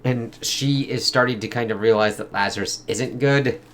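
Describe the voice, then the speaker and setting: A man's voice: medium pitch, normal speed, fairly bright tone, a little hiss or hum. A man giving a casual, rambling spoken review of a comic book, swearing a lot. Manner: rambling, heavy swearing, lots of fillers.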